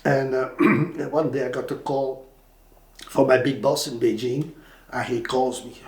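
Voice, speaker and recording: An older man with a Flemish Belgian accent telling animated anecdotes as an interviewee, with lots of fillers and restarts. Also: mid-range voice, measured pace. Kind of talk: anecdotal storytelling. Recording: roomy echo.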